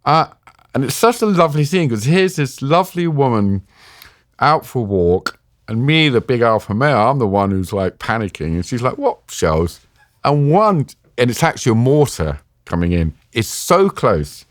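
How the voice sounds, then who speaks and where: A middle-aged British man, a war journalist, recounting anecdotes in a lively, self-mocking way as a podcast guest. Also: mid-range voice, moderate pace, dry recording, studio quality. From Britain. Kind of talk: animated anecdotal storytelling.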